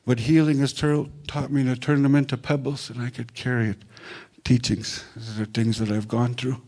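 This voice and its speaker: A man's voice: medium pitch, flat delivery, normal speed, a little mellow. A man from Manitoba, giving an earnest, plain-spoken personal talk that often repeats its phrases. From Manitoba, Canada. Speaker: invited speaker.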